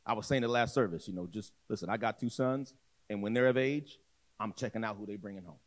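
In a fairly low voice and at a quick pace, a pastor preaches a sermon, telling a story in a direct, conversational way. He acts out voices, repeats words, and restarts as he goes.

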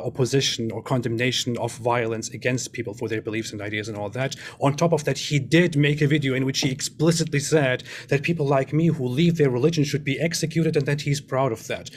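A man in a heated online debate, calmly pressing the same question again and again. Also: medium pitch. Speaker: ex-Muslim debater.

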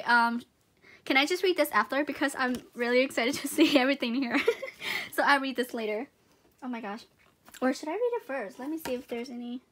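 Bubbly high-voiced woman unboxing gifts. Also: slight background noise. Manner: excitable, gushing, frequent gasps and giggles. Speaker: unboxing vlogger. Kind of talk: casual unboxing chat.

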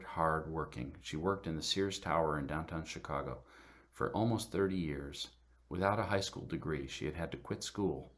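A middle-aged man telling a personal story to a congregation, halting, with many fillers and restarts. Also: low voice, a bit bright. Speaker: guest speaker at church service.

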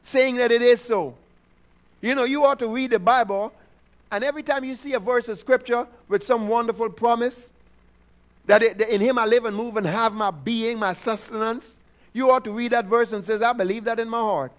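A man with a strikingly high voice preaches a sermon. He keeps prompting the congregation for responses and repeats affirmations, drawing out key words slowly to stress them. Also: steady tone. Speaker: pastor.

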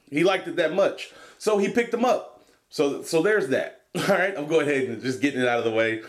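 A man's voice: a little high, animated, fairly quick. A man reviewing a vape box in a rambling, swearing, laid-back vlog. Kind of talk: casual product review vlog.

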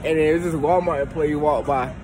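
A man's voice: a little high, fairly even intonation, fast, over music. A man hosting a casual vlog from his car, talking in a slangy, laid-back way straight to his viewers. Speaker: vlogger host.

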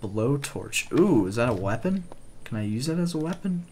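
A young man giving casual gameplay commentary, excitable, swearing mildly and sometimes dropping to a whisper. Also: mid-range voice, moderate pace, slight background noise.

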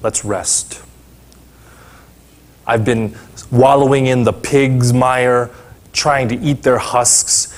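A middle-aged man, a pastor, preaching a sermon in a conversational, animated way and acting out the people in his story. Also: mid-range voice, slow, pauses often.

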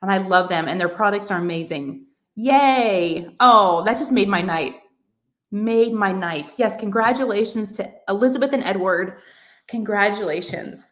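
A woman hosting a casual crafting livestream from home, reading comments aloud in a gushing, excitable way. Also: mid-range voice, a little slow. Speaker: livestream host of a crafting channel.

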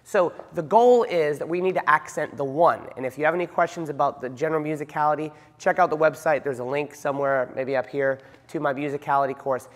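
Dance instructor counting beats in a reverberant hall. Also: male voice, fairly high pitch, a little fast, hardly any pauses. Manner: counts beats aloud rhythmically while explaining.

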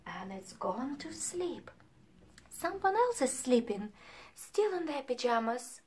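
A woman leading a sing-along music lesson for young children, animated and playful, singing and dropping into hushed whispers. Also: high-pitched, slow pace, background noise. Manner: animated, swings between sung lines and hushed whispers.

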